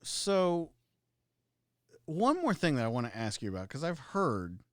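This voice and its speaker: A man's voice: a little high, wildly swooping pitch, measured pace, no room sound. A man hosting a podcast interview in a studio, asking loose, rambling questions. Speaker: podcast host. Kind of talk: casual interview.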